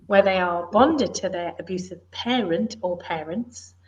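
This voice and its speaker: A woman's voice: lowish voice, measured pace. Brief: middle-aged British-born woman, ex-police author, emphatic and earnest, slightly dull recording. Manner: earnest, emphatic, plain-spoken. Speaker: author and former police officer, guest. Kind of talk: casual interview chat.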